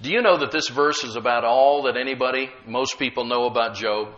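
A man preaching a sermon as pastor, moving from quiet storytelling to loud, emphatic calls and checking in with the congregation. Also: mid-range voice, fairly quick, highs cut off. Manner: talks directly to the congregation with call-and-response checks.

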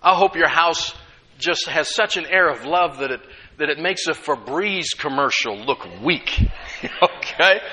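A middle-aged pastor preaches a lively sermon full of laughs and acted-out voices. His voice is on the high side and he speaks a little slowly.

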